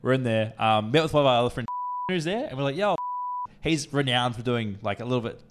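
A young man co-hosts a podcast, spinning a long, rambling story packed with swearing and acted-out quotes. His medium-pitched voice is expressive and fast, with background noise behind him in this casual storytelling chat.

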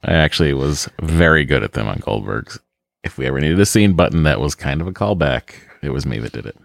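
A man's voice: extremely low pitch, expressive, fairly quick, gravelly, no echo. A man from the Boston area co-hosting a podcast in casual, rambling, self-mocking chat. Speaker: podcast co-host.

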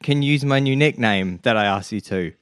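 A man's voice: medium pitch, a little fast, clear, resonant tone, no room sound. A man co-hosting a podcast in casual chat, laughing often and tripping over his words. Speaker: podcast co-host. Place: home room, remote call.

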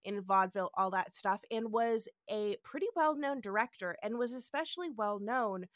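A woman co-hosting a casual podcast, animated and laughing as she tells trivia. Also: mid-range voice, moderate pace, no room sound, studio quality. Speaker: podcast co-host.

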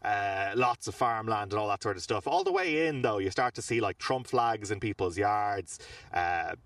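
An Irish man, a reporter and podcast co-host, telling animated, rambling stories from a trip, recorded outside a large building. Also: on the low side, moderate pace, no room sound, far from the mic. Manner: animated, rambling anecdotes with fillers. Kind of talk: casual on-location storytelling. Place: outdoors in front of a large government building.

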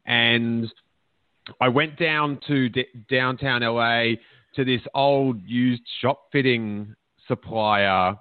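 A man's voice: medium pitch, steady tone, takes it slowly, clear, resonant tone, no room sound. A man hosting a podcast, telling rambling stories in a jokey, chatty way. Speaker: podcast host. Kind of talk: casual chat. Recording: dry, phone-like narrow sound.

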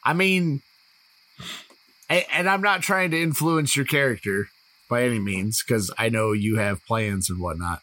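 A man's voice: medium pitch, measured pace, pushed and bright, no room sound, low-quality recording. A man narrating as game master of a tabletop role-playing game, joking and laughing with his players. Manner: laughing, teasing banter.

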